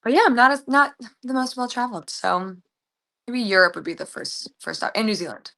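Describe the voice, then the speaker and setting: A young American actress talks casually over a video call. Her voice is bright and a little gravelly, with a touch of vocal fry. She wanders from thought to thought, filling the gaps with ums and likes. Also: a little high, lively intonation, brisk. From United States. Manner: chatty, rambling with many fillers. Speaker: actress, guest. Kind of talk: casual interview chat.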